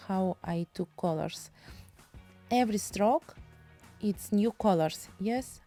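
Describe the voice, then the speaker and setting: Female art teacher, Russian accent, unhurried chatty delivery in broken English, soft music underneath. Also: mid-range voice. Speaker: painting teacher. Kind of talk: casual painting tutorial.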